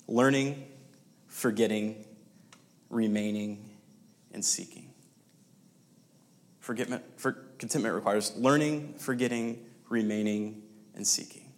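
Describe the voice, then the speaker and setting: A man preaching a sermon, telling a story with pauses and restarts and dropping to near-whispers. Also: lowish voice, creaky.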